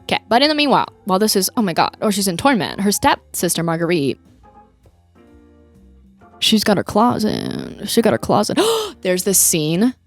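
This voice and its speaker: A woman's voice: mid-range voice, very animated, moderate pace, faint music behind. A young woman co-hosting a podcast, chatting casually about a movie and retelling scenes with acted-out quotes. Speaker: podcast co-host. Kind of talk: casual movie-review chat.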